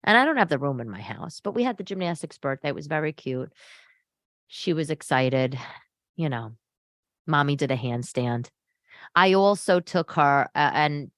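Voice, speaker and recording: A woman hosting a casual solo podcast, animated and sarcastic as she rants. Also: a bass voice, dry recording, clean studio sound. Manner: animated, ranting, sarcastic asides. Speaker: podcast host. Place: home living room.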